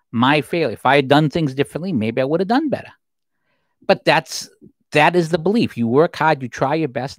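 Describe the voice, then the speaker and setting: Lively-voiced man in his fifties, rambling commentary. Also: a little high, no room sound, rough recording. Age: 50s. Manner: rambling, conversational, with restarts and asides. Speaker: livestream host. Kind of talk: solo political commentary livestream.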